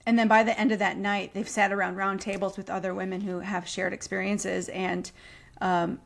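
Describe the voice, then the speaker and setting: A woman's voice: mid-range voice, little pitch movement, moderate pace, gravelly. A woman who is a guest on a podcast interview, telling stories in a chatty, enthusiastic way.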